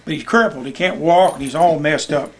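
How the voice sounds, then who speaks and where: Brief: older man, high-pitched folksy storyteller, home interview. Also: brisk. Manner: folksy Southern storyteller, acts out voices in his anecdotes. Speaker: retired youth baseball coach. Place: living room of his house.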